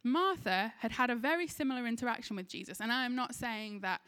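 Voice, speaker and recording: An English-accented woman preaches a sermon, her voice sitting a little high. She retells a scripture story earnestly and now and then slips into the voices of its people. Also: fast, a bit bright, smooth. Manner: earnest storytelling, acts out quoted lines.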